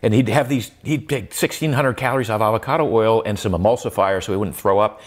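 The guest, an older man with a voice on the low side, speaks fast during a conversational interview. He thinks out loud with frequent restarts and filler words, raising his voice for emphasis.

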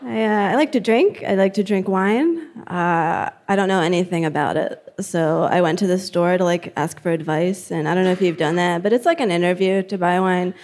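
A young woman from New Jersey doing a stand-up comedy set, with a deadpan, halting delivery full of fillers. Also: fairly low pitch.

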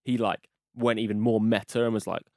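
A man hosting a podcast, chatting in a quick, casual way with laughing asides. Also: lowish voice, little pitch movement, a little mellow, no room sound, clean studio sound. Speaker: podcast host. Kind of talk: casual chat.

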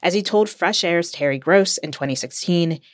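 Low-voiced woman narrating a podcast. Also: dry recording, studio quality. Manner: measured, explanatory. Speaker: podcast host. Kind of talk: scripted narration.

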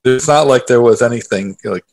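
A man being interviewed as a guest, telling a personal story in a lively conversational way, full of filler phrases and restarts. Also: medium pitch, a little fast, gravelly. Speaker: interview guest, author and investor.

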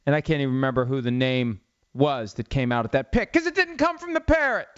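A man's voice: medium pitch, big pitch swings, brisk, smooth. A middle-aged man hosting a football talk show, telling stories in a rambling, wry, sarcastic way. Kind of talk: casual sports commentary monologue. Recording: slightly dull lo-fi audio.

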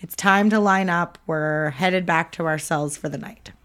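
A woman from Canada with a slightly low voice narrates a true-crime story for a podcast. She is casual and chatty, and her sentences are peppered with "like" and "um". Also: unhurried, fairly bright tone, clear, resonant tone. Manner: chatty storyteller, many fillers like "like" and "um". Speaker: podcast host telling the story.

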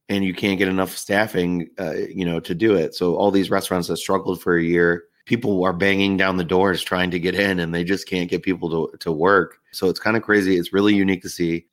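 Deep-voiced man in relaxed chat. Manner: relaxed, rambling. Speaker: podcast co-host. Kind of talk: casual chat.

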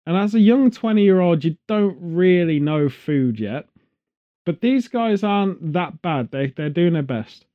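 English male host, higher-pitched, sarcastic comic rants; dull lo-fi recording. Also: animated, measured pace. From England. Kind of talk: casual chat.

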